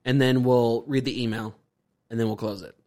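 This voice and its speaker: A man hosting a casual podcast chat, excitable and repeating himself, swearing often. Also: medium pitch, normal speed. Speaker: podcast host.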